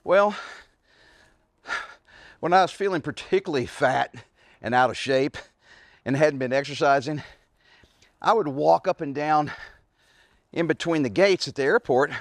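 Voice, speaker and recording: A winded man in his forties coaches carrying exercises while he does them, his fairly high voice broken by grunts and heavy sighs. The sound is close and dry, with no room around it. He talks casually, like a coach demonstrating in his own backyard. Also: no room sound. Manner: talks while lifting, grunting and sighing with effort. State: out of breath. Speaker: fitness coach. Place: outdoors in a backyard.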